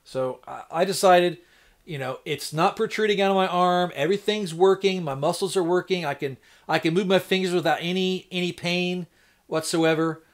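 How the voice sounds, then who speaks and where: A man's voice: sits high, normal speed. A man chatting casually on a live stream, rambling in a folksy way and acting out what the doctors said. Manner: folksy, rambling, acts out doctors in quoted voices. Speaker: homestead livestreamer.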